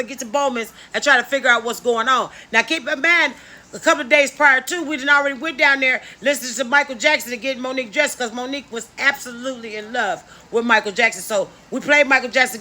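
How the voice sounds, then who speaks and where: Woman telling a storytime, high voice, keeps saying keep in mind to viewers, blunt, cusses some. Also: pushed and bright. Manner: emphatic, candid storytelling with frequent asides to viewers; blunt, occasional cursing. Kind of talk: casual storytime monologue.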